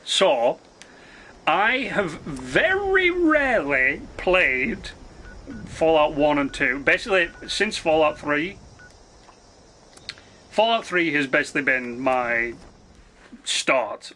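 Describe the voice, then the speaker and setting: A man's voice: on the high side, animated, sharp tone, a little hiss or hum. A man streaming a video game, chatting casually and rambling with frequent swearing. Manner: rambling, swears freely, quick asides. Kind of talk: casual live-stream chat.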